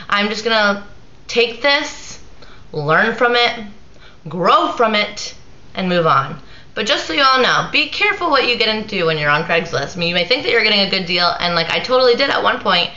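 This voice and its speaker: A woman's voice: on the low side, sharp tone. A tired young woman venting in a rambling vlog, full of "like" fillers. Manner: ranting, lots of "like" fillers. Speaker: vlogger. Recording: echoey room, slightly dull sound.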